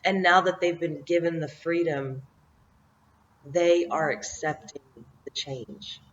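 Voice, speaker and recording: A woman's voice: deep voice, slow pace. A middle-aged woman giving a motivational talk to camera, reflective and meandering, often laughing at herself. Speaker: vlogger giving life encouragement. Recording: dull lo-fi audio.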